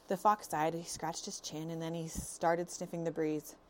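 A woman reading a children's novel aloud as narrator, telling the story in a steady, expressive way. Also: low-pitched, moderate pace, few pauses.

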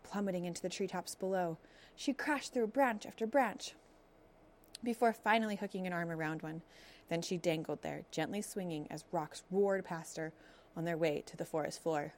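A woman reading a children's novel aloud as narrator, telling the story in a steady, expressive way. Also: lowish voice.

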